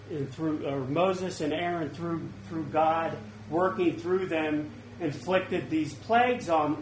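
A man's voice: on the high side, slight background noise. Man preaching a conversational sermon, roomy sound. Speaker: pastor. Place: church service. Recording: roomy, faint ambience.

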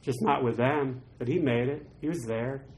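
A man teaching through Bible passages in a chatty, animated way, with quick asides. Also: medium pitch, a little hiss or hum.

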